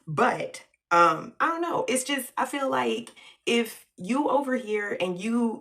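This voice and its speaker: A woman's voice: medium pitch, measured pace, fairly bright tone, far from the mic. A woman from the United States giving blunt, slangy opinion commentary in a vlog, laughing often and taking asides. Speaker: vlogger.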